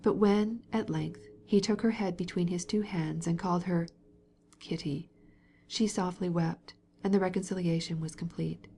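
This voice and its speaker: A woman narrates a classic novel in a measured, even storytelling voice. Her tone is somewhat low-pitched and steady, suited to a long audiobook reading. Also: slight background noise. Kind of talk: scripted narration.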